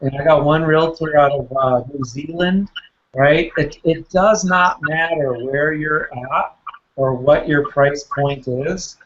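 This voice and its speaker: A man's voice: on the high side, slow pace, lo-fi sound, slight background noise. A man coaching real estate agents in a casual question session, talking in a chatty way, repeating words and telling anecdotes. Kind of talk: casual Q&A with a listener.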